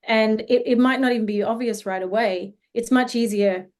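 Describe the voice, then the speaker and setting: A woman's voice: a little high, fairly even intonation, moderate pace, a little mellow. A woman, a healing practitioner guest, telling a personal story in an interview in an earnest, reflective way. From Australia.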